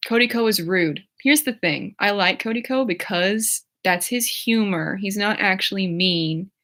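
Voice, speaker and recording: A woman's voice: mid-range voice, measured pace, fairly bright tone. A young woman in her twenties chatting casually on a livestream at home, rambling with lots of fillers and giggles as she answers her chat. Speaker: YouTuber reading chat on a livestream.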